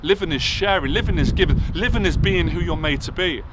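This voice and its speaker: Man, motivational speaker, emphatic repetitive delivery, slightly high voice, outdoors with clear traffic noise. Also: fairly quick. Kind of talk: impassioned motivational monologue. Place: outdoors on a city rooftop.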